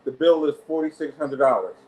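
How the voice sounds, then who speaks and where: A man with a slightly raised pitch chatting casually as podcast co-host, relaxed as he sets up the next topic. Conversational and loose. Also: fairly quick, low-quality recording.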